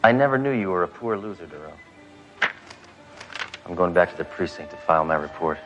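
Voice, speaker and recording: A blunt macho cop, deep but bright voice, big swings in pitch. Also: male voice, brisk, muffled recording, soft background music. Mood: deadpan. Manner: blunt, deadpan, bursts of shouting. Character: brash trigger-happy male cop. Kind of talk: 1980s TV comedy acting.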